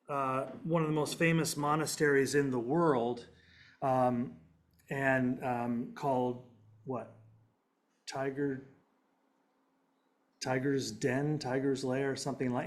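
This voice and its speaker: A middle-aged man lecturing to an audience in an easy, conversational way. He pauses on fillers and restarts his phrases. His voice sits at an ordinary pitch for a man. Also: fairly even intonation. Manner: conversational, self-deprecating, with frequent fillers and restarts. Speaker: philosophy lecturer. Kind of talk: public talk with slides.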